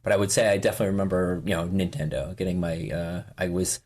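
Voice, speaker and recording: A man's voice: deep voice, steady tone, fast, a little mellow. A man in his forties, a podcast guest, chatting casually and rambling with lots of fillers and restarts. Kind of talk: casual interview chat.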